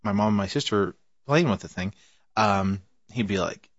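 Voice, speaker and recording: A man's voice: fairly low pitch, normal speed, dry recording, highs cut off. Laughing, rambling man telling a story. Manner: rambling, laughing, with many fillers. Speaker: podcast co-host telling a story. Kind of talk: casual storytelling chat.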